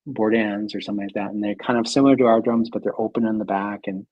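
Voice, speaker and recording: Husky-voiced man telling a rambling story. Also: fairly low pitch, steady tone, fast talker, dry recording, muffled recording. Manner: laughs often while telling stories, rambling with many fillers. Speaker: guest, clinic doctor. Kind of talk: casual storytelling conversation.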